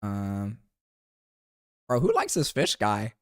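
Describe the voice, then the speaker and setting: Lively young man chatting casually. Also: mid-range voice, normal speed, dry recording, clean studio sound. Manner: rambling, playful, calls viewers bro. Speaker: streamer recapping a trip. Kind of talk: casual chat over photos.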